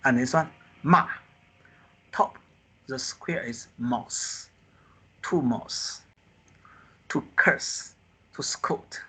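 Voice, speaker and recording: A man teaching a beginner Mandarin class on a video call, acting out the four tones with drawn-out sighs, in simple non-native English. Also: mid-range voice, a bit bright, breathy edge. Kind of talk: live online group lesson. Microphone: computer mic on a video call.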